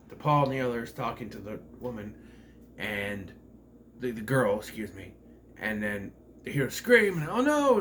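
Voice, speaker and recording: A man's voice: medium pitch, a bit bright, slight background noise. Rambling man reviewing a movie. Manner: rambling, forgets names, clears throat. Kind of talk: casual spoiler review.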